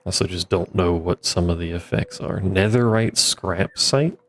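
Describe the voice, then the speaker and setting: Narrating his gameplay at a normal speed, a low-voiced, laid-back man streams a modded block-building game. His casual commentary rambles and includes wry asides to himself.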